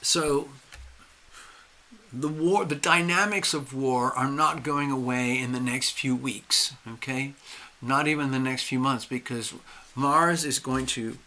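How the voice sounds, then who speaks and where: A man hosting a live astrology stream, speaking emphatically with drawn-out stresses and restarts while losing his voice. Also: medium pitch, sharp tone. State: losing his voice, clearing his throat. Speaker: astrology and tarot livestream host.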